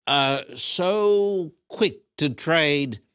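Measured male pastor-host, dry sound. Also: a little high, expressive, fairly bright tone, clean tone, dry recording. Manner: measured, poses rhetorical questions. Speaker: pastor hosting an interview. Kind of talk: interview questioning.

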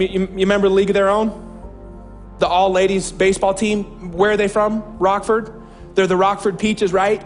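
A man preaching a sermon as a pastor, impassioned and repeating phrases for emphasis. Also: sits high.

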